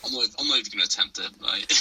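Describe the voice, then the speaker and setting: A man's voice: medium pitch, heavy background noise. A young male guest in a casual chat, easygoing and hesitant, often repeating his words.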